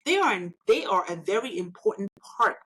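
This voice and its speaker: A woman's voice: medium pitch, sing-song, moderate pace, bright, forceful tone, slightly rough, low-quality recording. A woman from Nigeria, speaking as an interview guest. She argues emphatically and persuasively, often tagging her points with "right?". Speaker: interview guest, engineer and elected official. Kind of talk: conversational interview.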